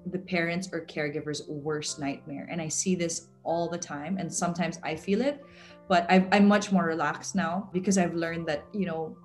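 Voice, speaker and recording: Woman host asking questions, low voice. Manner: conversational, asks long questions. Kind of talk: casual interview talk.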